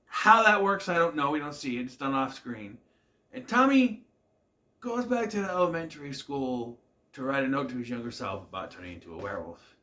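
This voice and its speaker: A man talks through a TV episode in a loose, rambling recap. His voice swings up and down at a middle pitch as he muses and questions the plot. He trails off often and chuckles at the scenes. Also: sharp tone. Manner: musing, self-questioning, trails off with "I don't know"; laughs at the scenes. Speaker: TV episode reviewer.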